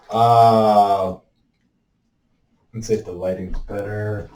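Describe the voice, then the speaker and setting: A man's voice: fairly low pitch, steady tone, drawn-out words, background noise. A man in a raw emotional monologue, swearing heavily and venting his frustration in bursts. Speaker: self-expression video maker. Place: room indoors. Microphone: headphones with mic. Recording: roomy echoey room.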